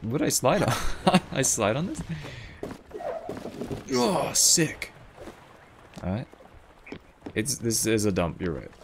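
A man's voice: lowish voice, sing-song, moderate pace, long pauses, background noise. A man streaming a video game, commenting in a playful, chatty and self-deprecating way. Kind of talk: casual gameplay commentary. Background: game music.

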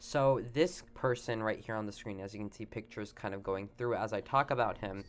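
A man's voice: fairly low pitch, fairly quick. A young man hosting a casual history voice-over for a slideshow. He talks in a rambling, hesitant way, full of "like" and "you know," and often stops to rephrase. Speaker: channel host.

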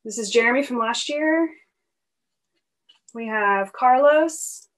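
A woman hosting a giveaway, talking in a relaxed, chatty way with a few fillers. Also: a little high, takes it slowly. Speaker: show host. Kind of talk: casual chat.

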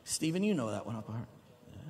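A man's voice: medium pitch, sing-song, fast, darkish tone, slight background noise. A middle-aged man preaching a sermon as pastor, exuberant and at times whooping. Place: large church hall. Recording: long reverb of a church hall.

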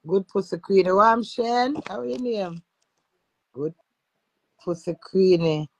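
A Jamaican woman with a gravelly, rough-edged voice, chatting in a casual live stream. She banters loudly and profanely with her viewers in thick patois. The sound is dry and close, with no room around it. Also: mid-range voice, takes it slowly, no echo, highs cut off. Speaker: social media influencer.

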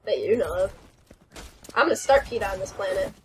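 A young woman co-hosting a let's play, joking crudely and getting giddy and loud. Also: mid-range voice, expressive, brisk, heavy background noise. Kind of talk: casual gaming chat.

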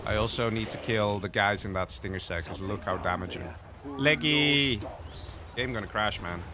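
A man's voice: fairly low pitch, fairly even intonation, brisk, noisy background. A man giving casual, self-mocking commentary while playing a strategy game online, laughing often. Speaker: game streamer. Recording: faint game music behind.

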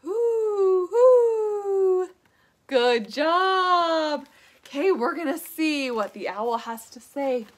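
Woman, preschool teacher, high voice, animated, gasps, questions for children. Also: slow pace. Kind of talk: interactive preschool lesson and read-aloud.

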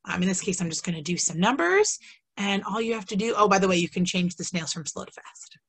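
A woman's voice: mid-range voice, animated, quick pace, creaky, a bit bright, slightly rough. A woman teacher presenting a webinar in a casual, chatty and enthusiastic way, with frequent ums and asides. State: has the hiccups. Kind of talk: casual instructional webinar talk.

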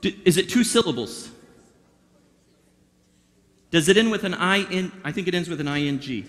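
A man's voice: high-pitched, expressive, normal speed, fairly bright tone. A man performing a mind-reading act for a youth audience, chatting playfully and directing volunteers. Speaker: magician performing for a youth group. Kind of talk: interactive stage patter. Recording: long hall reverb.

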